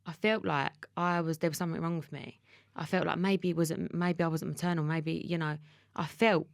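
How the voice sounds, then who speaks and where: A woman's voice: low-pitched, steady tone, moderate pace, creaky, dry recording, studio quality. A woman in her thirties with an Essex accent, a podcast guest telling a personal story in an emotional, tumbling way with restarts. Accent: Essex English. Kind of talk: candid conversational interview.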